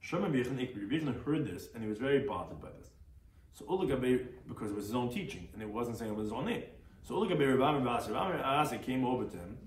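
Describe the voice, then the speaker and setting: A man, a rabbi teaching a daily Talmud class, reads Aramaic phrases and explains them in English, acting out the sages. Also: mid-range voice. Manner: animated, acts out the quoted sages. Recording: echoey room, far from mic, faint noise.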